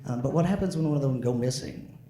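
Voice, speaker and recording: A man's voice: mid-range voice, noisy background. Rambling tipsy man doing stand-up. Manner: rambling, halting delivery with frequent fillers and restarts. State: a bit drunk. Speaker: stand-up comedian. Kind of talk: stand-up comedy set. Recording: echoey room with faint ambience.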